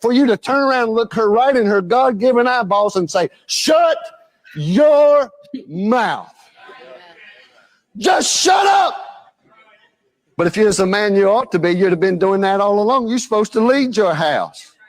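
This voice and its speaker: A male preacher shouting a forceful sermon, heard in a distant played-back clip. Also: sits high, brisk.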